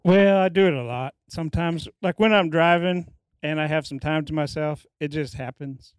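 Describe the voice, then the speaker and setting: A male guest tells wry stories in a relaxed podcast chat. His voice sits a little high and sounds smooth and clean. The recording is dry. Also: moderate pace, no room sound. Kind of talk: casual chat.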